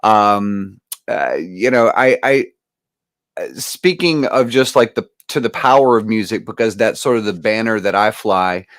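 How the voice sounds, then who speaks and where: Low, earnest man rambling with fillers. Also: lively intonation, measured pace, a bit bright, no echo, clean studio sound. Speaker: guest musician speaker. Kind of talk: casual motivational speech.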